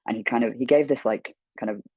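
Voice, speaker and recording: Brief: man, guest on an interview stream, husky mid-pitched voice, animated storyteller who swears casually. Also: fast talker, no echo, narrow, tinny audio. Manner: animated, swears freely, acts out quoted dialogue. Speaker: guest voice actor. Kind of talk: storytelling anecdote.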